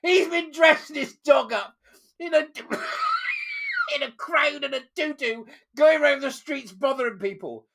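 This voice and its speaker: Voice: sits high, wildly swooping pitch, measured pace, fairly bright tone. A vlogger mocking a news story, reading out quotes, scornful and laughing often. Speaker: commentary vlogger.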